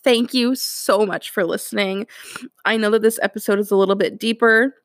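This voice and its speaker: A woman's voice: medium pitch, fairly even intonation, normal speed, dry recording, clean studio sound. A young woman hosting a solo podcast, tearful and earnest, laughing through her tears as she speaks. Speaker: podcast host.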